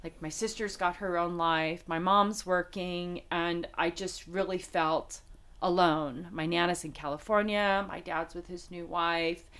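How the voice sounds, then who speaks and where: A middle-aged woman from Las Vegas, a guest telling a personal faith story in a heartfelt, halting way with many fillers. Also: lowish voice, fairly even intonation, a bit bright, clean tone. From Las Vegas, United States. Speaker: interview guest. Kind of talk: personal faith testimony in conversation.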